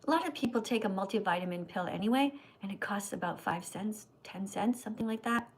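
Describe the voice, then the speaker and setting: A woman's voice: medium pitch, brisk, slight background noise, low-quality recording. A woman hosting a livestream, answering viewer questions with a preachy, scolding, teacher-like manner. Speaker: vegan livestream host.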